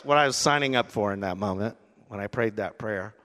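Middle-aged male pastor, bright and forceful voice, emotional storyteller, in a big reverberant hall. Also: lowish voice, fairly quick. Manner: emotional, storytelling, with acted-out gasps and quotes. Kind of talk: sermon testimony.

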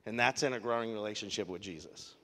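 A man preaching a sermon as pastor, telling stories in a conversational, animated way. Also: on the low side, fast. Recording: live sermon in a reverberant hall.

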